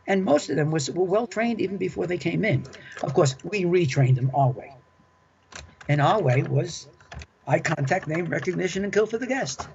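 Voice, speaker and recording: A man's voice: high voice, lively intonation, normal speed, gravelly, darkish tone, slight background noise. An older man telling stories from his working life in an interview, chatty and enthusiastic, often repeating himself. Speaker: interview guest, former club manager. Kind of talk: storytelling reminiscence. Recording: dull lo-fi recording.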